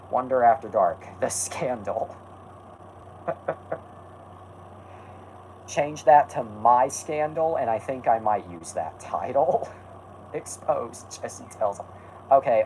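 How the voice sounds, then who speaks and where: Male streamer host, mid-pitched, rambling and self-correcting, faint background noise. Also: dark tone, poor audio. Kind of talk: casual livestream chat.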